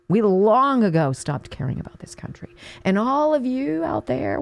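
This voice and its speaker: A woman hosts a political talk radio show with an American accent, her voice sitting high and leaping around as she mocks and rails. She's emphatic and sarcastic, close on a studio mic with a dry sound. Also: big pitch swings, normal speed, gravelly, hardly any pauses, no echo. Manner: indignant, sarcastic, emphatic, mocking.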